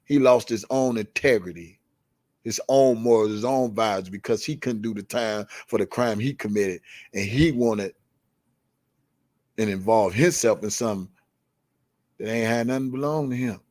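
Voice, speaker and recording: A man's voice: lowish voice, moderate pace, pauses often, a little mellow, no echo. Profane, confrontational male host, dry sound. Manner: repeats key words for emphasis. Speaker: livestream show host. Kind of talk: heated commentary rant.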